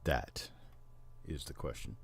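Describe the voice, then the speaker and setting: Speaking slowly, this livestream host chats casually and walks his viewers through explanations. He is a middle-aged man from Missouri, Oklahoma and Memphis, Tennessee, and slight background noise is audible.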